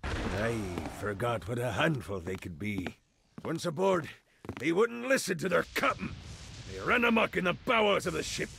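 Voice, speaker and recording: An actor playing a gruff male pirate captain, with a gravelly, theatrical brogue. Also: on the high side, very animated, moderate pace, a bit bright, slight background noise, exaggerated voice. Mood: rueful. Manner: theatrical, growling.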